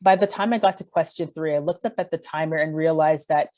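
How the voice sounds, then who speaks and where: A woman's voice: low voice, fast, dark tone. A young adult woman giving an earnest, personal talk on mental health. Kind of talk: presentation talk.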